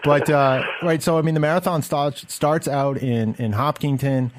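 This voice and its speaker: A man's voice: a little high, fairly even intonation, normal speed, over a noisy crowd. A man from the Boston suburbs with a Boston accent, hosting a casual podcast chat and rambling with many fillers and restarts. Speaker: podcast host.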